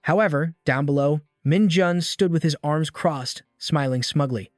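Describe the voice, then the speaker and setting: A man reading a scripted story recap in a steady read-aloud way, barely changing his voice for the characters' lines. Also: on the high side, measured pace, dry recording, studio quality, faint music behind. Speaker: recap narrator.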